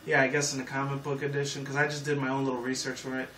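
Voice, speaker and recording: A man in his twenties rattles off a rambling, profane, casual movie review packed with fillers, speaking fast in a mid-range monotone. The recording sounds echoey, with the mic placed far away and some faint noise.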